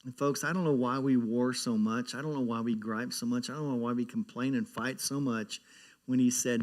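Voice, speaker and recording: A man's voice: mid-range voice, a little fast, a little mellow. A man giving a sermon as pastor, talking in a conversational way, often repeating words and growing emphatic as he preaches.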